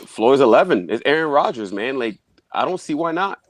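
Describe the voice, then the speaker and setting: A man's voice: mid-range voice, big pitch swings, brisk, background noise. A man arguing football picks on a casual panel, emphatic and brash, swearing for emphasis.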